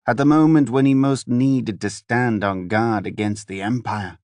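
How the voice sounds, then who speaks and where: A man narrating a fantasy audiobook in an even, measured storytelling manner. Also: mid-range voice, dry recording. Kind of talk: scripted narration.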